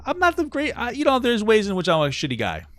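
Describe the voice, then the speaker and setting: Fast-talking profane man in his thirties. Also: high voice. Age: 30s. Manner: blunt and profane, self-deprecating, animated swings in loudness. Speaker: podcast co-host. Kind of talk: casual chat.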